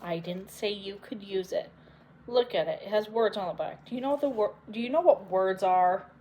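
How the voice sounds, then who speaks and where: A woman's voice: mid-range voice, lively intonation, a little fast, warm tone, slight background noise, lightly acted. A woman reading an audiobook, voicing a fierce, irritable witch who scolds sharply. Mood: cold and quiet.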